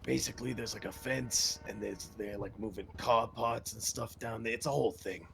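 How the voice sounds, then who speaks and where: A man's voice: fairly low pitch, normal speed, creaky, over music. A man chatting in character in a role-play game, rambling with lots of filler words. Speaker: roleplay game player. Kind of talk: casual in-character chat.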